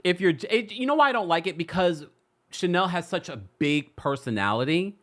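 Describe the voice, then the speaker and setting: His voice sits high, brisk and animated with a fairly bright tone, as he hosts a celebrity gossip show. Chatting loosely with his live audience, he's teasing and playful, laughing frequently.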